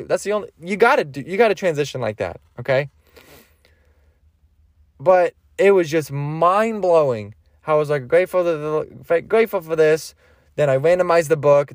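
A young man hosting a solo podcast, rambling excitably and swearing freely as he tells a story from a parked van. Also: fairly high pitch, dry recording, studio quality. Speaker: podcast host.

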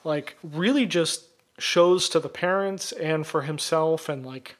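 A man co-hosting a casual podcast, retelling a film scene at length in an animated way. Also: a little high, slow. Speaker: podcast co-host.

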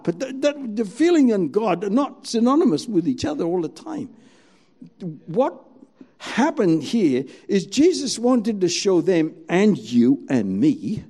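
Male preacher giving a sermon, voice swoops all over, mellow warm tone, acts out little scenes. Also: high-pitched, big pitch swings, a little slow, slightly rough. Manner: storytelling, dramatic, acts out scenes.

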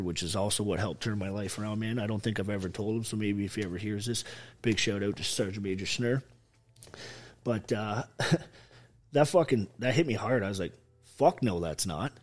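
Profane storytelling man with a low voice. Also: darkish tone. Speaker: podcast guest. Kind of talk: casual storytelling chat.

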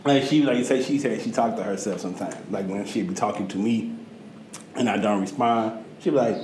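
A man co-hosting a podcast, joking animatedly with lots of profanity and quick bursts of talk. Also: fairly low pitch, a little mellow, roomy sound, slight background noise, rough recording. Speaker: podcast co-host. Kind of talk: casual chat.

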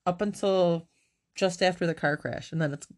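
Profane, animated woman chatting about a movie. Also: fairly low pitch, normal speed. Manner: profane, animated, laughs often. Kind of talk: casual movie review chat.

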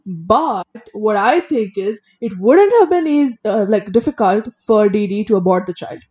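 A woman's voice: medium pitch, animated, normal speed, dark tone, dull audio. A woman recounting a criminal case in a casual podcast chat, reading out details and adding blunt opinions. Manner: reads case details then adds blunt opinions, some stumbles. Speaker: co-host.

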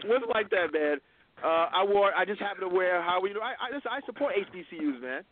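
A high-pitched man hosting a call-in radio show, pressing his point and talking over anyone who cuts in. His voice comes through a narrow, phone-like line. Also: animated, moderate pace, no room sound. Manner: insistent, talks over interruptions.

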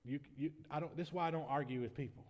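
A man preaching a sermon as pastor, shifting between quiet conversational asides and loud, emphatic preaching. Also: a little high, fast talker. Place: church sanctuary. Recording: long reverb of a church hall.

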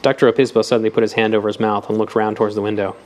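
A man narrating an audiobook with a measured, even reading. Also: fairly low pitch, a little hiss or hum.

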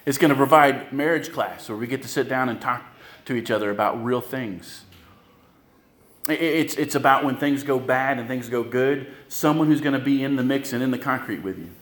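Animated pastor preaching in an echoey room. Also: male voice, medium pitch, moderate pace. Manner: conversational, animated storytelling with asides to the congregation. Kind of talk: sermon.

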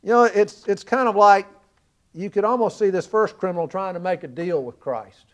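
A man's voice: high voice, moderate pace. A man from the American South preaching a sermon, retelling a story with earnest emphasis.

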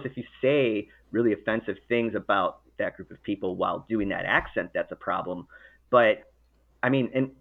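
A man chatting casually as host, rambling with many restarts and self-corrections. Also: mid-range voice. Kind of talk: casual chat. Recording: narrow phone-like sound.

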